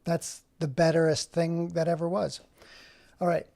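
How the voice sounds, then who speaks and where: Brief: male streamer, gravelly voice, rambling, keeps cutting himself off mid-thought. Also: on the high side, little pitch movement, unhurried, mellow. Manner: rambling, self-interrupting. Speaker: livestream host. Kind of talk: casual livestream chat.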